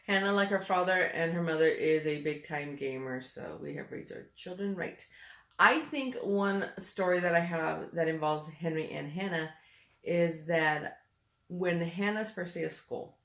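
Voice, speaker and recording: A woman's voice: lowish voice, unhurried, a bit bright. A middle-aged mother chatting casually and telling family stories, laughing easily as she talks. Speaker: vlogger, mother. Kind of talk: casual chat. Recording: echoey room.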